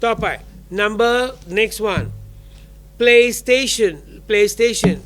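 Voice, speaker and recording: A man's voice: extremely high pitch, steady tone, unhurried, a bit bright, clear, resonant tone. A man teaching a university class in a lecture style, drilling words aloud and mixing in Thai explanations. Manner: mixes English and Thai, drills vocabulary aloud.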